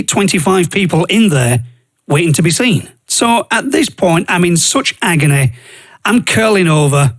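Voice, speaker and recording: A man's voice: high voice, slightly rough. A man, hosting a podcast and earnestly telling a personal faith story in a plain, conversational way. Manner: earnest, conversational, uses regional grammar like "I goes". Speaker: podcast host.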